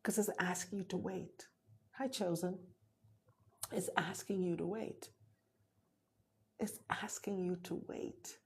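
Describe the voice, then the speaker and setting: A woman hosting a live stream, giving an encouraging motivational talk and inviting viewers to join her, with drawn-out emphatic phrases. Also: on the low side, steady tone, slightly rough.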